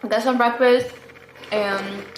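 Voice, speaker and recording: A woman's voice: a little high, steady tone, slow, slight background noise. A young woman vlogger telling a story-time update in a casual, rambling way, full of fillers and "like", from her apartment. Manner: chatty, rambling, lots of fillers and "like". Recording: echoey room, faint ambience.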